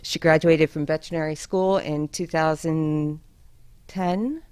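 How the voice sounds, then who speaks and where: A woman's voice: sits low, fairly even intonation, measured pace, a little mellow, smooth, dry recording. A woman volunteer answering interview questions about her dog rescue work in an earnest, grateful way.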